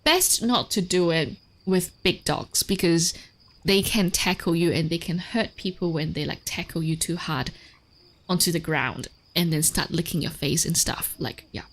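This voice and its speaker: A woman's voice: lowish voice, moderate pace. A woman streamer giving casual advice on dogs, chatty, with lots of fillers, swearing and frequent laughter. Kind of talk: casual livestream chat.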